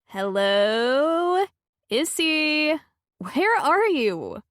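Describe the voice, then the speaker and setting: A woman narrator plays a protective friend who takes charge, stern and pushy, her voice set higher than the narration. Every line comes as a firm question or order. The recording is dry and close. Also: big pitch swings, drawn-out words, fairly bright tone, no room sound, heavily acted. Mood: stern concern.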